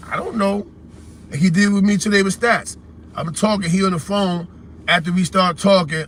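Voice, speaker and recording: A blunt, confrontational man with a New York accent rants to his livestream audience in street slang. His voice sits high for a man and sounds bright and forceful. There is a faint hiss of noise behind him. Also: fairly even intonation, moderate pace. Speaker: host of a call-in livestream. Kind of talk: heated casual livestream rant.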